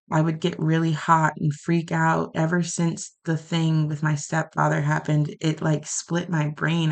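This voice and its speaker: A woman's voice: low-pitched, vocal fry. A woman speaking an emotional prayer aloud, raw, pleading and angry.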